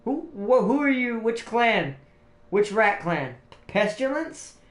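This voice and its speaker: A man's voice: sits high, big pitch swings, takes it slowly. A man hosting a livestream, chatting casually and laughing often, rambling with restarts. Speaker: livestream host. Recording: roomy echo, faint music behind.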